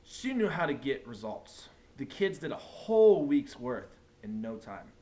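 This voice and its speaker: A man, a teacher, reading a picture book aloud in an animated storytelling manner. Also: medium pitch, unhurried, a little hiss or hum.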